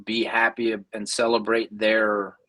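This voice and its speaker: A man's voice: fairly low pitch, monotone, measured pace, a bit bright. An American man, a podcast guest, joking around and swearing a lot in casual chat.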